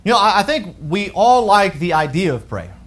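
A man who is a pastor, preaching a sermon with emphatic rises and hushed drops. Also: sits high, sing-song, moderate pace. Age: adult with wife and children. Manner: emphatic preaching with wide swings from loud to hushed.

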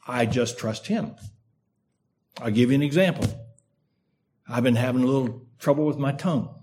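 An older man preaching a sermon in an earnest, measured way, with a slight lisp from a sore tongue and emphatic repetition. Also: medium pitch, darkish tone, slight background noise.

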